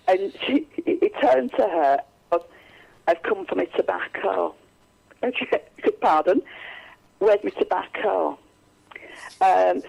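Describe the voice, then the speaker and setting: A woman's voice: medium pitch, gravelly, darkish tone, dull audio. A woman, a psychic medium, telling stories in a radio interview, rambling with many restarts and fillers.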